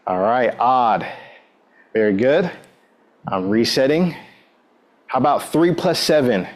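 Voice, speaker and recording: A man's voice: medium pitch, animated, takes it slowly. A man leading a guided exercise class, giving upbeat, encouraging cues and counting down between moves, often saying "all right". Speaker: exercise instructor.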